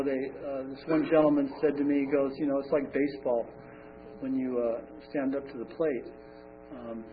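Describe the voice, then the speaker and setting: Rambling man on a distant tinny recording. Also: a little high. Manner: rambling, conversational, many fillers. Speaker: recovery meeting speaker. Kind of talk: personal recovery talk. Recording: distant, phone-like, faint hum.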